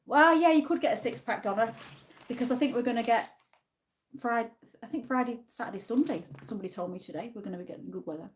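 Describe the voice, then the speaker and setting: A woman with a northern English accent hosts a relaxed livestream, chatting freely and reading viewers' comments aloud. She talks in an easygoing, friendly way and answers viewers as if they were in the room with her. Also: fairly high pitch, quick pace, a little hiss or hum. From Yorkshire, England. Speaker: livestream host. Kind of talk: casual livestream chat with a quiz.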